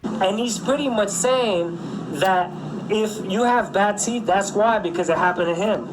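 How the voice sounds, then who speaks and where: A man's voice: sits high, a little slow, noisy background. A man in a played-back video clip, speaking to camera in an aggrieved, complaining tone. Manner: aggrieved, complaining about being compared. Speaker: video creator whose clip is being reacted to. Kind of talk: monologue to camera.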